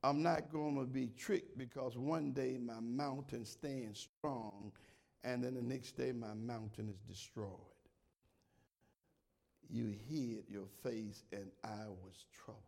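A man preaching a sermon, swinging from shouted exclamations to quiet prayer and repeating words as he calls out to his congregation. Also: medium pitch, fairly even intonation, slow, gravelly. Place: church.

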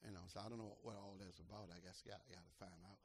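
An older man preaching a sermon as pastor, swinging from shouted climaxes to quiet, conversational asides. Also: deep voice, steady tone, very fast, slight background noise.

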